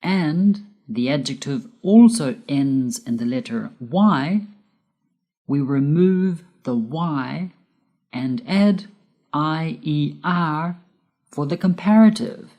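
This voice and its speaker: Slow, low-voiced woman teaching grammar. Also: animated, warm tone. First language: Spanish. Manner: deliberate, spells out letters, stresses key words. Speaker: English teacher. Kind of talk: slow scripted grammar lesson.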